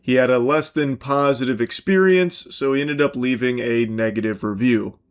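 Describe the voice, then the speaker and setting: A man giving profane, sarcastic commentary on viral videos in a deadpan delivery. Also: medium pitch, normal speed, clean tone. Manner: sarcastic, deadpan, swears constantly. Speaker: online commentary host.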